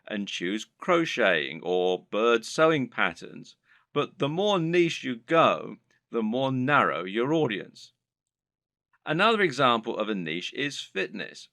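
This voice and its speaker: A man giving scripted narration for an online course in a steady, explanatory lecturing manner. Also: fairly low pitch, no echo, clean studio sound.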